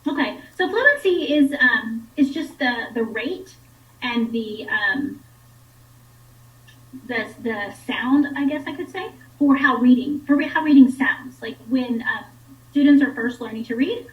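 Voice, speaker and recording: A woman's voice: a little high, animated, a little slow, reverberant, recorded from a distance, muffled recording. A woman instructional coach patiently explaining reading skills to parents. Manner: patient, clear teacherly explaining.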